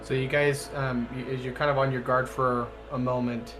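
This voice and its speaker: A male game master narrating a tabletop session, his speech loose and rambling with plenty of ums. He talks at a middle pitch, and soft music plays underneath. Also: little pitch movement, moderate pace.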